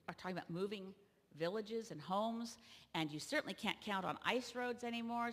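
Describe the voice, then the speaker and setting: A woman from Canada, a party leader, giving an animated convention keynote speech that rises to loud emphatic peaks. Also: fairly low pitch, vocal fry. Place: large convention hall. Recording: long reverb of a large hall.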